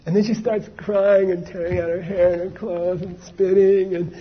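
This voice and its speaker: Male teacher, husky, chatty storyteller with asides, dull recording. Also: sits high, steady tone, normal speed. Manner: conversational, many fillers and asides to the audience. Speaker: Buddhist teacher. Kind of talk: casual dharma talk, storytelling.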